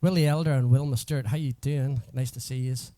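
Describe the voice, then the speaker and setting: A man's voice: mid-range voice, fairly even intonation, brisk, warm tone, no room sound. A man hosting a live music stream, chatting casually and greeting viewers one by one.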